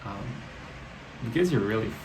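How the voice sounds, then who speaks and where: A man with a low, gravelly voice muses through a reflective solo podcast. He speaks slowly and drops casual swear words. Soft rain patters faintly behind him. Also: animated, background noise. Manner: slow, musing, swears casually. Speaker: podcast host. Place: indoors with heavy rain outside. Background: rain ambience.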